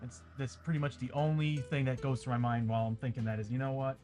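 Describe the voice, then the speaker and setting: A chatty man runs a tabletop game on stream, rambling on to his viewers at a middling pitch. His throat sounds dry. Faint ambient music plays softly behind him. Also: flat delivery, quick pace. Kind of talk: casual livestream chat.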